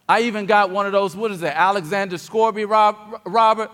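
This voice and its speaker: A man preaching a sermon as pastor, dropping to quiet reflection and then building to loud, emphatic declarations. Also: high-pitched, brisk, hardly any pauses. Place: church sanctuary. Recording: long hall reverb.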